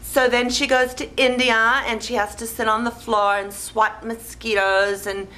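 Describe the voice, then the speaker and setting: A woman retelling a movie plot in a rambling, deadpan, naive way, with lots of "like" and "you know". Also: on the high side, a little slow, poor audio. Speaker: movie recapper.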